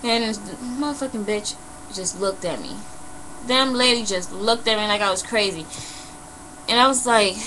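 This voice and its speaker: A young woman vlogger telling a personal story in a blunt, animated way, swearing freely and saying "you know" a lot. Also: fairly high pitch, normal speed, a little hiss or hum, rough recording. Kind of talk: casual emotional storytelling.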